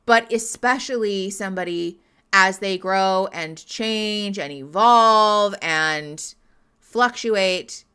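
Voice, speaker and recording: A woman's voice: medium pitch, slow, pushed and bright, clear, resonant tone. A woman streamer giving live reaction commentary on a reality show, ranting with profanity and sarcasm.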